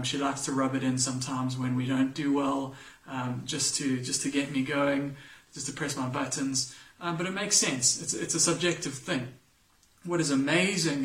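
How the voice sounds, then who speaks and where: A man from England reading scripture and then preaching a sermon, telling a story in a relaxed way with self-deprecating humor. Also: mid-range voice. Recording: echoey room, mic at a distance.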